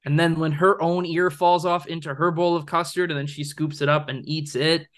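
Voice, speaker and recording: Chatty high-voiced man talking movies. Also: flat delivery, normal speed, fairly bright tone. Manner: enthusiastic, rambling with fillers and laughs. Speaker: podcast co-host. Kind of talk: casual film discussion.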